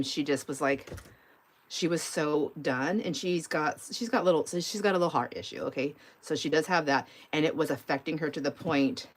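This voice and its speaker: Chatty middle-aged woman, low voice. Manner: rambling and chatty, laughs often, talks to chat viewers. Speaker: mixed media art livestream host. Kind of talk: casual live-stream chat while crafting.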